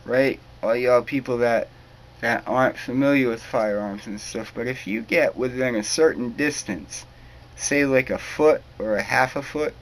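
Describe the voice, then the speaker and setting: A man's voice: medium pitch, rough recording. A young man from New England in a rambling, heated, profane monologue to camera. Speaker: vlogger.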